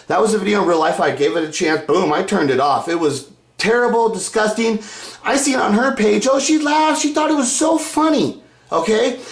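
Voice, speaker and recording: A man ranting angrily at his followers in a video, profane and combative, swinging between loud outbursts and low muttering. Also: roomy sound. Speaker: YouTuber. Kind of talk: angry video rant to fans.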